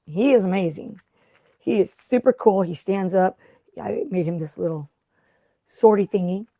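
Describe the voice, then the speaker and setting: Middle-aged lady rambling on her craft live stream, mellow warm voice, dry close sound. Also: medium pitch, moderate pace, no room sound. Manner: rambling, chatty, greets viewers by name. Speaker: craft livestream host. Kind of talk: casual live-stream chat.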